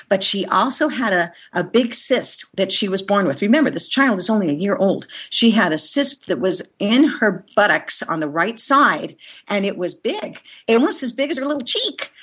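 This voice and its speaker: A woman with a husky, breathy voice tells stories in a lively, animated way, often breaking into laughter. She talks as a healer guest in a relaxed conversation, at a middle pitch. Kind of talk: storytelling in a conversation.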